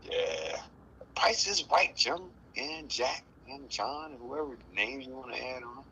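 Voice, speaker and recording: A man giving a casual spiritual talk, playful and animated, often acting out other people's voices. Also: mid-range voice, measured pace, a little hiss or hum, rough recording. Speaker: guest speaker.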